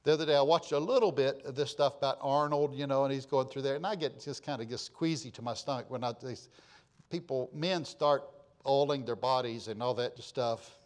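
A man preaching a folksy sermon, telling anecdotes with lively swings in pitch and loudness. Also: brisk. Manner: animated storytelling, jumping in pitch and volume. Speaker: pastor.

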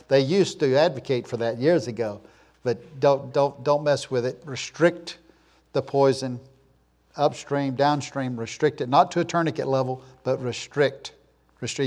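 A man preaching a sermon, emphatic, snapping between loud punchy words and quiet asides, using call-and-answer lists. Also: mid-range voice. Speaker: pastor.

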